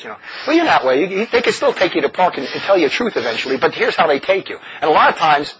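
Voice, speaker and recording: A man preaching a sermon in an animated, mocking way, often laughing as he talks. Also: a little high. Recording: dull lo-fi recording with faint noise.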